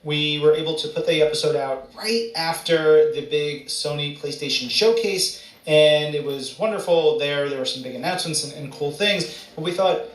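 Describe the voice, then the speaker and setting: A man's voice: a little high, normal speed, roomy sound, poor audio. A man co-hosting a show, introducing a segment in an upbeat, presenting way. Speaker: co-host.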